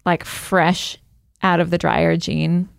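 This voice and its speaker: A woman's voice: fairly low pitch, flat delivery, takes it slowly, vocal fry, no echo, studio quality. A woman co-hosting a casual chat, rambling and giggly, with many restarts.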